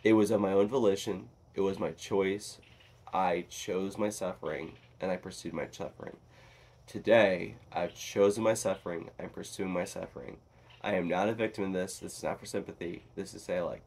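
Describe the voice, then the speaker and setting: A man vlogging in a casual, rambling monologue that is animated and full of swearing. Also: low-pitched, a little fast, slight background noise.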